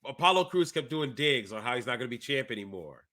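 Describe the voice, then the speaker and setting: Brief: man, podcast co-host, bright forceful voice, animated storyteller, a bit sick. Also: medium pitch, fast. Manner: animated storyteller, acts out quotes. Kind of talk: casual chat.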